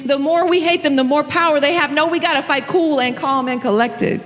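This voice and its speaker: In a church sanctuary, a woman pastor preaches an impassioned sermon, often repeating phrases and breaking into exclamations. Her high, fairly quick, somewhat bright voice rings with hall reverb.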